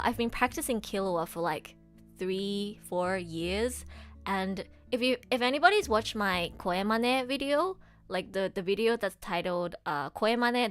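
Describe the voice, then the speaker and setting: A woman voice actress chatting casually on a livestream, excitable and gushing, laughing often. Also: mid-range voice. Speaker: streamer and voice actress.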